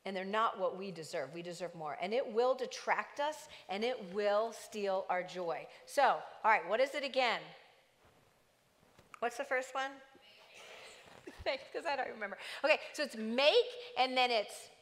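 A woman pastor preaching a sermon in a church, lively, with joking asides to the congregation. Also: medium pitch, unhurried. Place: church sanctuary. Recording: church hall reverb.

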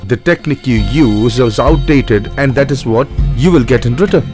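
Guy dubbing a sly polite beggar dealer, mid voice, soft music behind. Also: medium pitch, normal speed, close to an everyday voice. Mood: lecturing. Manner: persuasive, deferential. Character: scheming male trader in beggars, smooth-talking. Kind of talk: English film dub.

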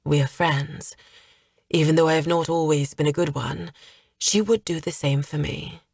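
A woman voicing an earnest, self-doubting young man who speaks haltingly, in a storybook reading. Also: deep voice, fairly even intonation, gravelly, a little mellow, husky, no room sound, clean studio sound, exaggerated voice. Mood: troubled. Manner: hesitant, halting.

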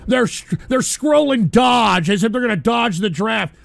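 A man hosting a live radio show, going off on angry, profane, shouting tirades. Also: high voice, expressive, measured pace, creaky, no echo. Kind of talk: live call-in radio rant.

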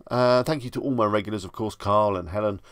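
A man's voice: on the low side, fast, clear, resonant tone, dry recording, studio quality. A young man with a Bedfordshire English accent, hosting a live stream and chatting easily with viewers as he answers their questions. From England. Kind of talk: casual live stream chat. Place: home room at night.

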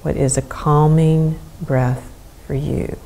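A middle-aged woman leads a movement lesson in a low, mellow voice. She speaks slowly and softly, easing listeners through each step. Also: fairly even intonation, gravelly. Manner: soft, slow, soothing instruction. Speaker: movement educator.

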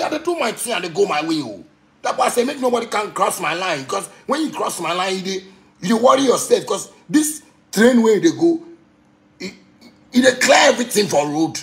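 A man's voice: sing-song, a little fast, creaky. Heated Ghanaian man ranting. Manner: preachy and heated, swings between loud outbursts and low murmurs. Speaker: musician live-streaming. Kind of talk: impassioned social media rant.

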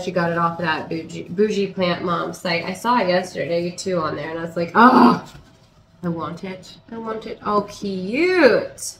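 A young woman chatting excitedly as she unboxes plants, hesitant, with restarts and little laughs. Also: fairly low pitch, a little hiss or hum, low-quality recording. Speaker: plant channel host. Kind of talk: casual unboxing chat.

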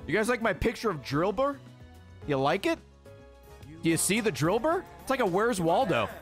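An excitable man giving casual let's-play commentary, with a slightly high voice that swings wildly up and down. He swears freely and chats with the creatures on screen. Faint music plays behind him. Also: moderate pace. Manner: excitable, swears a lot, talks to game creatures.

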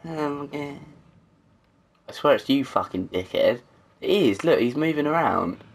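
Gravelly man swearing through a game. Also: on the high side, expressive, measured pace. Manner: swearing, laughing, joking to himself. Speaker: gamer. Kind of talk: let's play commentary.

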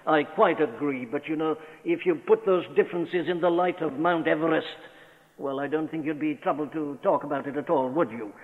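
A man whose voice is on the high side preaches at normal speed in an earnest, emphatic sermon with rhetorical questions. The recording is an old radio broadcast from a large hall in a church, thin and phone-like.

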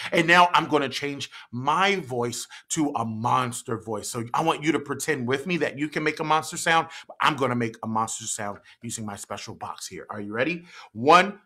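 A library story time host leading an interactive children's story with songs, prompting the audience to join in. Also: medium pitch. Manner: animated, prompts kids to join in and sings.

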